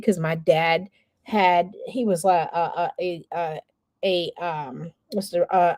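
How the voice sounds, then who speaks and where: A woman coach in her forties talks through a masterclass in a candid, storytelling way, acting out the people in her story. Her voice is mid-pitched, and the recording is dry and close with no room sound. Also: a little mellow, dry recording. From New York area. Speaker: PR and communications coach. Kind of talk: masterclass talk with personal story.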